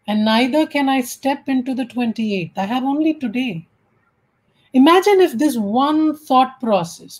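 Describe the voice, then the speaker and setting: A woman's voice: medium pitch, slightly rough, poor audio. A woman with an Indian English accent giving a humorous storytelling talk at an online spiritual gathering. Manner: warm, humorous storytelling with acted quotes.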